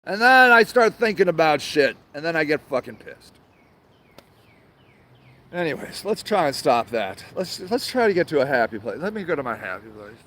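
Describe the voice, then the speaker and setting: A man's voice: fairly high pitch, sing-song, normal speed, bright, forceful tone, slight background noise. A man hosting his own show from an outdoor garden, ranting angrily and sarcastically, swearing a lot and repeating himself. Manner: angry, profane, sarcastic, repetitive. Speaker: show host. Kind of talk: profane outdoor rant.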